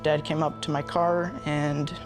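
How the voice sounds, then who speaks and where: A man's voice: a little high, flat delivery, measured pace, over music. A young man, the younger brother, earnestly recounting events in a documentary interview.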